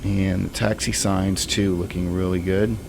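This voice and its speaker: A man's voice: deep voice, little pitch movement, measured pace, gravelly, noisy background. A man streaming a flight simulator, thinking aloud in casual, rambling commentary.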